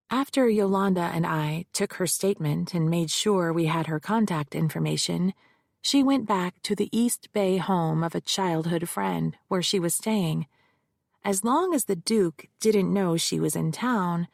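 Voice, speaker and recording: A woman reads a first-person mystery audiobook in a measured, steady way. Her voice sits low with a gravelly texture. The recording is dry and close. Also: no echo. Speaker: audiobook narrator.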